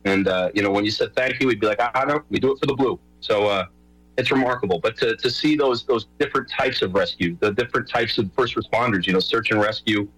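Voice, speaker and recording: A middle-aged man from New York, who is a show host and rowing coach, appears as a guest on a radio show and talks casually, rambling with lots of fillers and restarts. His voice is fairly low, fast, fairly bright and slightly rough, and the recording itself is rough.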